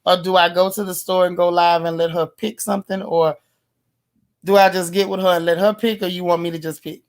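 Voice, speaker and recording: A hoarse woman hosting a casual livestream, chatting warmly and reading viewer comments aloud. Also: on the low side, flat delivery, fairly quick. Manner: affectionate, teasing. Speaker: livestream host. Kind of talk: casual live-stream chat.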